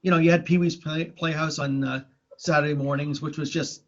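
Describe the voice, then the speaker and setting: Rambling man with a slightly high voice. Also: fairly even intonation, brisk, fairly bright tone. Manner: rambling, many restarts and fillers. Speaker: podcast co-host. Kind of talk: casual chat about old cartoons. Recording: dull lo-fi sound.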